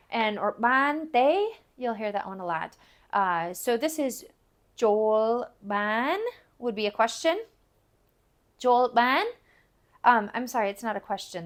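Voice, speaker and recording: A woman teaching a language lesson, repeating foreign phrases slowly and carefully for learners. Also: mid-range voice.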